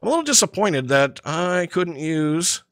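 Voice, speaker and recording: A man giving excitable, jokey running commentary over his own block-building game, chatting to the creatures he meets. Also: a little high, moderate pace, no room sound. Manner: excitable, talks to the mobs he meets; frequent fillers and restarts, jokey. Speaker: gaming channel host. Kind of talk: Minecraft let's play commentary.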